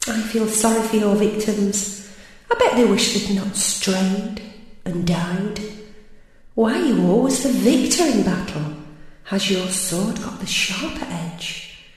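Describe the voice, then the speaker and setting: A woman's voice: mid-range voice, takes it slowly, darkish tone. A woman reciting poetry with a wry, theatrical delivery. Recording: roomy hall with long reverb.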